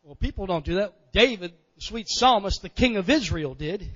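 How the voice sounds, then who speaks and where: High-voiced preaching man, frequent amens. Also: lively intonation, normal speed, hardly any pauses, breathy edge. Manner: folksy preaching with frequent amens, swelling loud on key phrases. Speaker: pastor. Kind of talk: sermon. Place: church sanctuary. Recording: dull church recording with long reverb.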